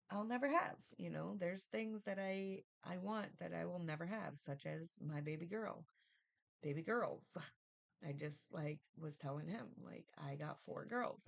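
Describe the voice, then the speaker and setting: A woman's voice: fairly low pitch, vocal fry, fairly bright tone. A woman giving a casual, rambling Bible study review, thinking aloud and often asking "right?".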